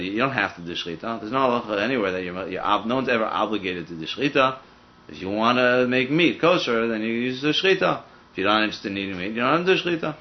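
A man teaching a casual Talmud study session, thinking aloud and peppering his points with "I mean" asides. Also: medium pitch. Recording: dull lo-fi recording.

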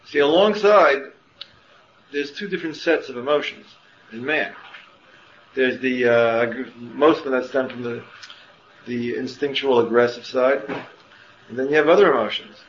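A man lectures a class in a middle-pitched voice, tossing out rhetorical questions and restarting his sentences as he works through an idea. The recording is muffled and roomy, with a faint hum of ambience behind him. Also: normal speed, pauses often, a bit bright. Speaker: Torah teacher.

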